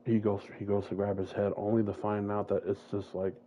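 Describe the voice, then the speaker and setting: A man's voice: fairly low pitch, monotone, a little fast, dark tone, dull audio, slight background noise. A young man casually telling a rambling, profane story and acting out the characters' voices.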